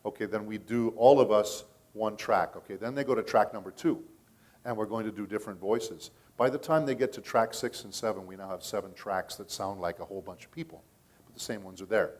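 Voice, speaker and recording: Speaking fairly quickly in a lowish, slightly mellow voice, a middle-aged voice actor keeps things casual at a convention panel. He tells stories chattily and often checks in with the crowd.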